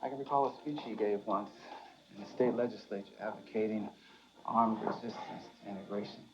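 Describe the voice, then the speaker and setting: A man playing a calm, pointed lawyer. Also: fairly low pitch, brisk, noisy background, close to an everyday voice. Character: calm, pointed lawyer confronting a rich family. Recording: dull film audio.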